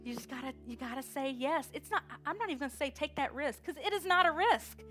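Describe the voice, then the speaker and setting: A woman preaching a sermon with energetic call-and-response exhortation. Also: high-pitched, fast talker, soft background music.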